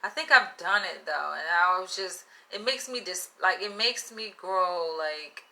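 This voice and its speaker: Blunt, profane woman vlogger with a bright voice. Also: fairly low pitch, measured pace. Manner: blunt, profane and animated, with frequent laughs. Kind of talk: casual monologue to camera.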